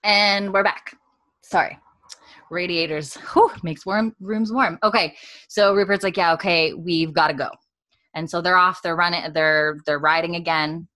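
A woman co-hosting a podcast, recapping a TV episode in a loose, chatty way full of "like" and fillers, talking from a warm room indoors. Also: fairly low pitch, unhurried. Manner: chatty, filler-heavy with frequent "like". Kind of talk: casual chat recapping a TV episode.

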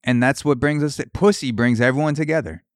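Young male podcast host, crude riffing comic, middle pitch, dry recording. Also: fast talker, no echo. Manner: crude, riffing, shifts into mock voices for bits. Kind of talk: comedic podcast rant.

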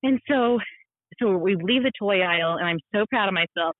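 A woman's voice: medium pitch, moderate pace, dry recording. Woman in her 30s, chatty podcast guest, narrow phone-line sound. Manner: animated, self-deprecating, laughs often, many fillers. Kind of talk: casual storytelling on a podcast. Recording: thin phone-like sound, dry.

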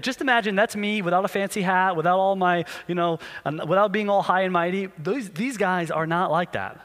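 A man preaching a sermon as pastor, telling the story in an animated way and acting out the questions people ask. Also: high voice, a little fast, hardly any pauses, big-room sound.

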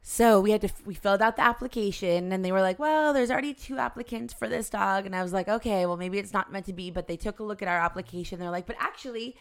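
A woman's voice: medium pitch, fast talker, gravelly, hardly any pauses. A woman in her forties telling a family story in casual chat, acting out the voices of the people in it. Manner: animated storyteller acting out quoted dialogue.

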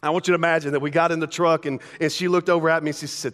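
A man's voice: fairly high pitch, steady tone, rapid-fire, few pauses, fairly bright tone. A young man preaching a casual, playful sermon as pastor, slipping into everyday dialogue to make his points. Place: church sanctuary. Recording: long hall reverb.

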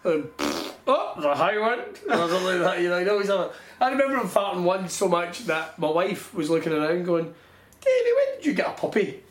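Laughing Scottish man, echoey room. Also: sits high. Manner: swears freely, laughs often, rambling anecdotes. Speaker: podcast co-host. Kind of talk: casual chat. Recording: echoey room, faint noise.

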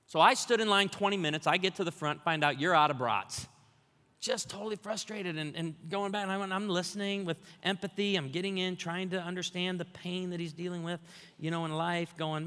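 A man preaching a sermon as pastor, telling funny stories and building to energetic exhortation. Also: sits high, fast talker, clear, resonant tone. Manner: storytelling with humor, rising to energetic exhortation. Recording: long hall reverb.

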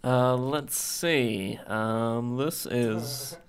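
A man's voice: mid-range voice, very slow, smooth. A man co-hosting a podcast, dropping dry, teasing asides in a casual chat. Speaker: podcast co-host.

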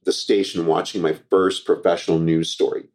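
Middle-aged Canadian man, low-pitched, casual storyteller who acts out dialogue; interview guest. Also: normal speed. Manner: animated storyteller acting out quoted dialogue. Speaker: guest, former TV reporter and comedian.

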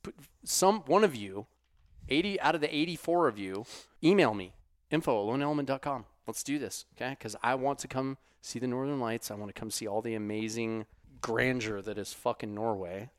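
A man hosting a podcast, swearing freely as he chats. He drops to quiet mutters and then erupts into loud outbursts. The sound is dry and close, with no room around it. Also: medium pitch, fairly quick, dry recording. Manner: profane, swings from muttered asides to loud outbursts. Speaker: podcast host. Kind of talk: casual podcast chat.

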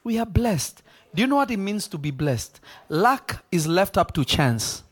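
Animated man preaching a live sermon. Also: a little high, normal speed, breathy edge. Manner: animated, laughing, call-and-response questions.

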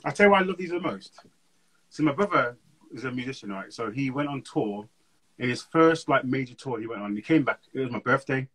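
Young guy, husky and quick, lively slangy storyteller for an interview guest spot. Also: mid-range voice, poor audio. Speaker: guest speaker. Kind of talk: casual interview chat.

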